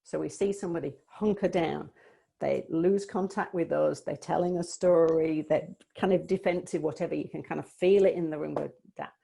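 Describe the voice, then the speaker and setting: A woman coach giving an online presentation over a video call, explaining ideas warmly and thinking aloud with some restarts. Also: deep voice, fairly even intonation, moderate pace, vocal fry, breathy edge.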